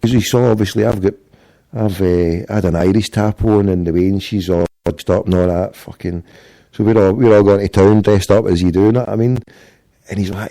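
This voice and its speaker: A middle-aged Scottish man with a gravelly, very dark voice spins a rambling story in casual podcast talk. He swears freely and acts out every exchange, slipping into the voices of the people he quotes. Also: fairly low pitch, steady tone, a little fast. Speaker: podcast host.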